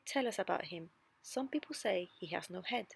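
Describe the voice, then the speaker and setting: A woman voicing a hot-tempered male opera director in a storybook reading, indignant and loud. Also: on the low side, lively intonation, moderate pace, gravelly, slightly rough, exaggerated voice. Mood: angry. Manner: shouting, indignant.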